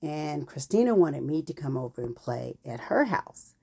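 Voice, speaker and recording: A woman in her fifties telling a personal childhood story in an animated way, acting out what people said. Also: sits low, moderate pace, gravelly, slightly rough. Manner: animated, acts out quotes.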